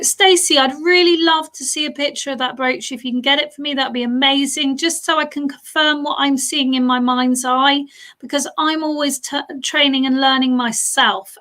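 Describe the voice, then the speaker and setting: A woman's voice: high voice, bright, forceful tone. A British woman giving a chatty live-streamed mediumship reading, reading out viewer comments and talking straight to them. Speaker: spiritualist medium.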